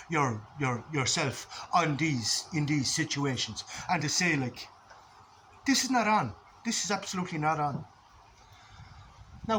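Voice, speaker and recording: A man's voice: on the high side, fairly bright tone, slight background noise, low-quality recording. An Irish man giving a blunt, rambling philosophical monologue, swearing freely as a vlogger.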